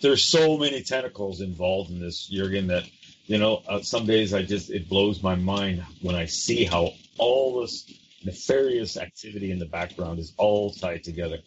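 An emphatic man hosts a talk show, his low voice pressing each point with earnest repetition. The audio is dull and lo-fi, with faint ambient noise behind him. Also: moderate pace. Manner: emphatic, earnest, repeats words for effect. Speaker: show host. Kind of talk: impassioned talk-show chat.

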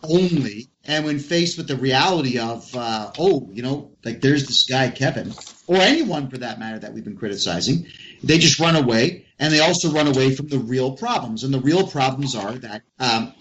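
A man hosting a political chat, talking in an emphatic, ranting way and turning to his listeners directly. His voice sits in a middle pitch. The recording sounds dull and lo-fi. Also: expressive, moderate pace, fairly bright tone, a little hiss or hum. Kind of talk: casual political talk.

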